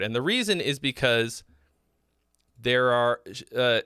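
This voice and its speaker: A man hosting a livestream, picking apart listeners' songs in a loose, frank way, swearing freely and circling back on his words. His voice is bright and forward, recorded dry and close with no room sound. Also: medium pitch, slow pace, pauses often, clear, resonant tone, no room sound. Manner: frank and loose, swearing, many fillers and restarts. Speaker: host giving song feedback. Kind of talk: casual livestream song critique.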